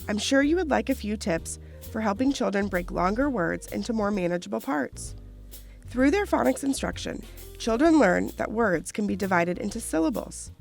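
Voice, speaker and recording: Gravelly, lively woman narrating a training video. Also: mid-range voice. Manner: clear, measured explaining. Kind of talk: scripted instructional narration.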